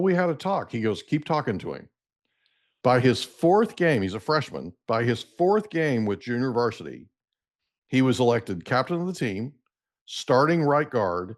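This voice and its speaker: A middle-aged podcast host with a mid-range voice tells a long story, casual and animated, acting out the dialogue as he goes.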